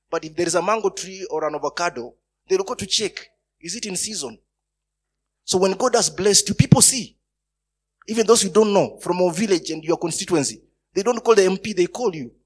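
Man, preacher, husky, slightly high, sermon with loud bursts. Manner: storytelling, bursts of loud emphasis.

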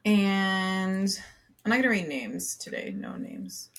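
A young woman co-hosts a podcast, her mid-range voice animated but slow as she tells stories in casual chat. She's a chatty storyteller, packing her talk with fillers and laughing often.

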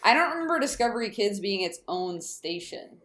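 A woman's voice: medium pitch, very animated, brisk, fairly bright tone. A woman casually recapping a kids' TV episode on a podcast, chatty with lots of fillers. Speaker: podcast co-host. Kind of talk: casual chat recapping a TV show.

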